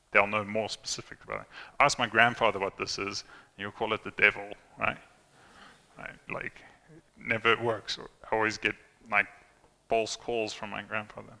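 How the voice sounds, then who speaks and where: With a fairly low, creaky voice and a sharp tone, this young man holds a level tone at normal speed through an informal conference tech talk. He chats freely with many fillers and restarts and acts out quotes, while the hall reverberates.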